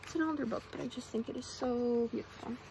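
A woman gently reading bedtime stories aloud in a soft ASMR style, sometimes whispering. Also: fairly high pitch, fast talker, vocal fry, background noise. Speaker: ASMR storyteller.

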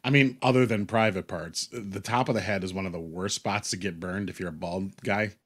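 A middle-aged man with a low voice rambles through a joking story in a casual chat. He talks loosely and swears freely. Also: steady tone, brisk, fairly bright tone. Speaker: co-host.

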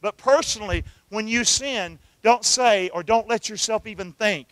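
Preaching a sermon in call-and-response fashion, a middle-aged pastor asks questions and waits for the congregation to answer. His high-pitched, slightly bright voice moves at a moderate pace on a dry recording.

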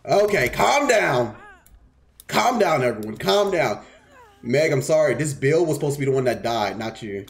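A man's voice: mid-range voice, big pitch swings, moderate pace, vocal fry. A man streaming a game live, casually explaining strategy while teasing the players on screen and swearing freely. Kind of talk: live gameplay commentary.

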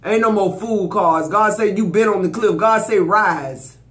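A man's voice: sits high, moderate pace, slight background noise. Guy doing a tarot reading, preachy and emphatic, aave, echoey room. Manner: preachy, emphatic, addresses viewers directly. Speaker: tarot reader. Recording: roomy echo.

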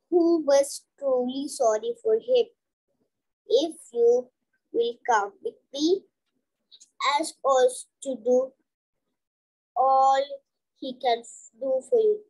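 A young reader reading a storybook aloud slowly and carefully, with restarts and repeated words. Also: female voice, sits high, a little mellow, rough recording. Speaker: student reader.

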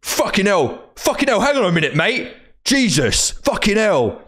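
A man mimicking a loud, sweary bloke. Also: fairly high pitch, a little slow, voice pushed up, natural voice. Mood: exasperated. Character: loud sweary British pub poker player, middle-aged man.

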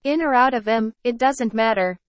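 Woman reading aloud cheerful water rat, storybook, higher voice, dry close sound. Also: moderate pace, no room sound, lightly acted. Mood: cheery. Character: cheerful male water rat, boastful, river-loving.

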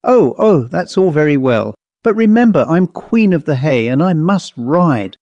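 A man's voice: on the high side, very animated, unhurried, darkish tone, no room sound, highs cut off, voice pushed up. A man puts on a merry young girl in a ghost story audiobook, her lines lilting and raised well above his reading voice. Dry, close sound. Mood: teasing. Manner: lilting, laughing. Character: merry slim young girl, laughing and teasing.

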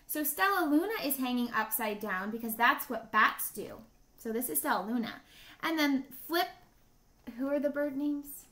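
A woman's voice: sits high, expressive, moderate pace, sharp tone. A woman teacher reading a children's story aloud, stopping to ask her listeners questions and praising their answers with encouragement.

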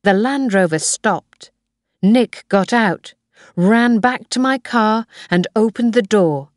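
A woman audiobook narrator reads a graded reader from a script, slowly and carefully, in a medium-pitched voice. The recording is dry and of studio quality.

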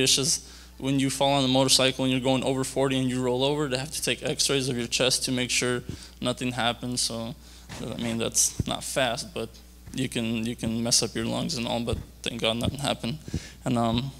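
Young guy telling his story at youth church, gravelly, lots of likes and ums. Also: medium pitch, fairly bright tone. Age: young adult. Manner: halting, full of fillers and restarts. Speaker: youth giving a church testimony. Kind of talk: rambling personal testimony.

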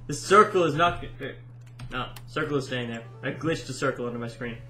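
A man giving casual let's-play commentary, excitable and easily amused. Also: mid-range voice, normal speed. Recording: roomy echo with game music behind.

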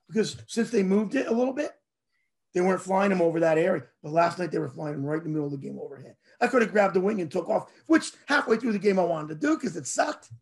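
New guy rambling thru sports stories, high voice, real lively. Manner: rambling, animated storytelling. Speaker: show host. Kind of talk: casual sports chat.

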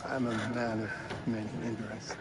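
An actor playing a courteous middle-aged hotel owner who speaks in a polished, formal way. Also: male voice, on the low side, little pitch movement, brisk, background noise, close to an everyday voice.

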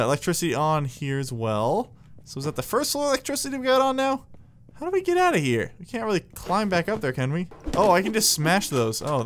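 Excitable man doing game commentary. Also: a little high, clear, resonant tone. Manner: excitable, jokey, yells at enemies. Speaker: gameplay commentator. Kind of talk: let's play commentary.

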